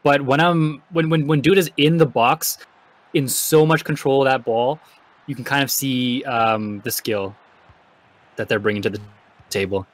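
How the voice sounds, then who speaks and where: A man's voice: mid-range voice, steady tone, normal speed. A man with a Canadian accent hosting an online esports broadcast, chatting casually with many fillers and restarts. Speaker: esports host. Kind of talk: casual game commentary.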